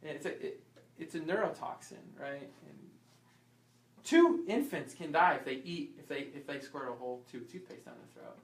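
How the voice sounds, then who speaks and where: A chiropractor teaching an informal health class, quizzing the audience and acting out small scenes. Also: male voice, fairly high pitch, normal speed. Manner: lively, asks the audience questions and acts out little scenes. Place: class room. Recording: echoey room, voice from far off.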